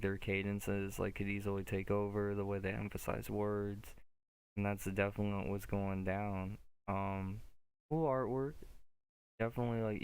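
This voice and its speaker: Flat-voiced laid-back man reviewing music. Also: fairly low pitch, smooth, low-quality recording. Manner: laid-back, slangy, many "like" fillers. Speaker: music review show host. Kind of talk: casual music critique on a livestream.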